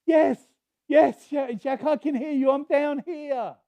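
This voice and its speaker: A man voicing a desperate man hanging from a cliff branch, yelling and pleading for help. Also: very high-pitched, takes it slowly, muffled recording, voice pushed up, full character voice. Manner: frantic pleading yells.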